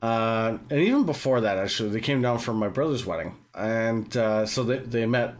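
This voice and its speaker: A man's voice: medium pitch, lively intonation, normal speed. A man with a British accent hosting a casual online chat and telling long rambling stories full of fillers and swearing. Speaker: host.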